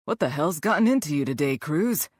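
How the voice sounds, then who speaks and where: Woman narrator doing a blunt male fight coach, teasing, low voice, dry sound. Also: normal speed, no echo, lightly acted.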